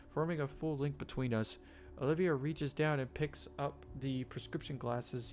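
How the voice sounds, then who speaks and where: A man reading a game's story text aloud, slow and halting, with faint game music behind him. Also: mid-range voice. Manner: shouts profanity at a game character; reads narration quietly and haltingly. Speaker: gamer reading a visual novel aloud.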